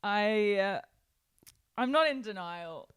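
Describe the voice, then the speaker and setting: Woman, young, podcast co-host, blunt, swears, animated pitch. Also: takes it slowly, smooth. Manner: blunt, swears freely, teasing. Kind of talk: casual podcast chat.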